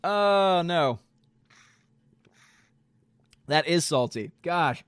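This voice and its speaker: Excitable guy streaming, dry sound. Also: fairly high pitch, very slow, smooth, no echo. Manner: animated, exclaiming, says "dude" and "man" a lot. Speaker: live streamer reading chat. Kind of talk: casual live-stream chat.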